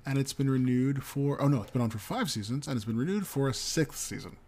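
A man who co-hosts a podcast and is the parent of a young child reads entertainment news aloud, dropping frequent ums and casual asides. He speaks briskly in a mid-range, somewhat dark voice with lively intonation.

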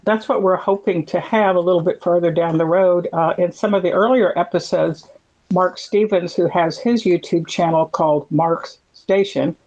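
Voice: medium pitch, normal speed, darkish tone, dull audio. A podcast co-host chatting casually, rambling with many fillers and restarts. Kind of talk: casual chat.

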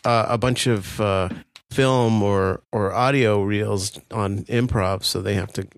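A man's voice: on the low side, fairly even intonation, takes it slowly, no room sound, clean studio sound. A man co-hosting a casual podcast chat, easygoing and hesitant, with many fillers. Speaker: podcast co-host.

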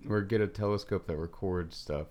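A man co-hosting a podcast, chiming in playfully with quick questions and jokes. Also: deep voice, darkish tone. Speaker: podcast co-host. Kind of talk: casual podcast chat.

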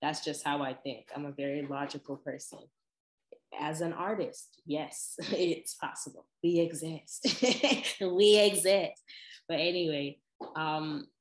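Her voice is low and her casual podcast chat wanders through tangents with animated energy. This host laughs often and mimics voices in quick bursts. The sound bounces around a reverberant room.

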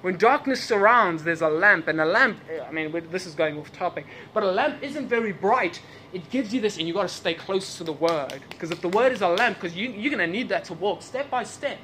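A man's voice: sits high, lively intonation, brisk, sharp tone, a little hiss or hum. A man preaching a sermon in a church service, with English as his second language, asking repeated questions and laughing at his own asides. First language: not English.

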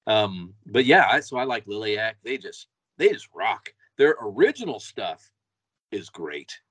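A man's voice: on the low side, big pitch swings, unhurried, a bit bright, husky, no echo. A man co-hosting a podcast, chatting casually and enthusiastically, often repeating words as he goes. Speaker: podcast co-host. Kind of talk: casual chat.

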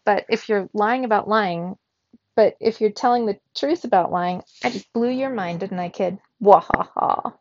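A woman's voice: medium pitch, moderate pace, a little mellow, no echo, highs cut off, close to an everyday voice. A woman reading aloud who voices a dramatic, self-pitying and smug talking AI device from a children's storybook. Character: whiny boastful talking AI gadget.

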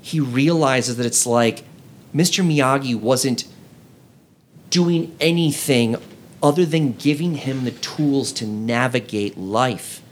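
Male co-host, mid pitch, earnest storyteller who voices the characters he quotes. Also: takes it slowly, slight background noise. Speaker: podcast co-host. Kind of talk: casual chat among friends.

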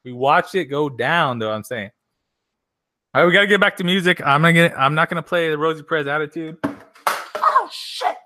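A man's voice: on the high side, fast, sharp tone. Profane, rambling male streamer. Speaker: livestream host. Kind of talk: casual livestream chat.

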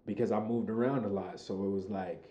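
A man's voice: fairly low pitch, brisk, warm tone, roomy sound, muffled recording. Laid-back young man from Chicago. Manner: laid-back, loose, swears freely. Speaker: podcast guest, recording artist. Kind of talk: casual conversation.

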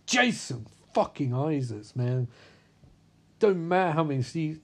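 A swaggering, tough-talking actor with a low, hushed edge, swearing hard and hammering his words again and again, as a man puts him on. The voice sits a little lower and softer than the narrator's own. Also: moderate pace, slightly rough. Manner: profane, emphatic, repeats phrases.

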